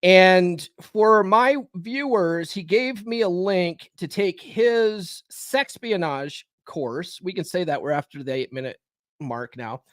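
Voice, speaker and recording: Animated high-voiced male podcast host. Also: slow, no room sound, clean studio sound. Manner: animated, swears freely, frequent fillers and "okay?" tags. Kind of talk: live stream commentary and book reading.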